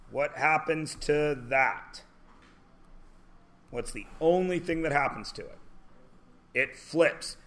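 A man teaching a high school math class, joking as he lectures. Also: sharp tone. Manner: joking, drawn-out teacherly questions.

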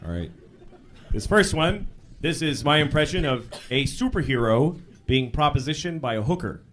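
A man performing a stand-up comedy routine, telling exasperated stories and bursting into shouted acted-out lines. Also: a little high, expressive, normal speed, a little hiss or hum. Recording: live club with laughing crowd.

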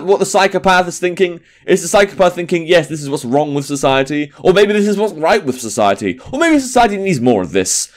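A man's voice: fairly high pitch, expressive, normal speed. A young man giving casual, sarcastic let's-play commentary, swearing and talking back to the game. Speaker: gaming commentator.

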